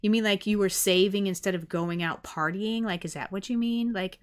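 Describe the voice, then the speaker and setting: A woman's voice: mid-range voice, normal speed, clear, resonant tone. A middle-aged woman streaming, chatting casually and rambling with many fillers as she reads viewer comments. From United States.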